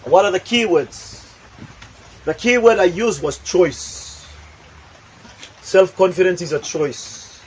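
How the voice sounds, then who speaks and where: Male motivational speaker, high-pitched, emphatic delivery with acted-out demos, faint room hiss. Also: lively intonation, takes it slowly, pauses often, low-quality recording. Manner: emphatic, repetitive, acts out examples. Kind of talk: motivational talk with acted demonstrations.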